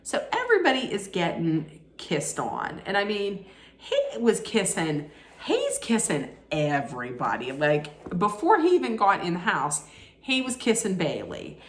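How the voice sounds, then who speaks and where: A woman's voice: mid-range voice, huge pitch swings, unhurried. A woman recapping a reality show in a casual, sarcastic way, laughing at her own jokes. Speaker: recap vlogger. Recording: echoey room.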